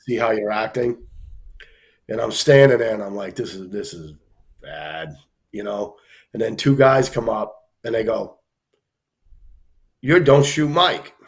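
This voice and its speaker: A man casually telling an anecdote on a live stream, animated, acting out the people he quotes, with plenty of fillers. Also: on the low side, unhurried, gravelly.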